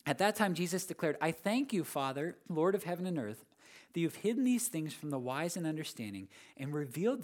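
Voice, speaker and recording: A man's voice: a little high, darkish tone. A man preaching a sermon, earnest, building to emphatic rises and repeating key phrases. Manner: earnest preaching with rising emphatic peaks and repetition. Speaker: pastor.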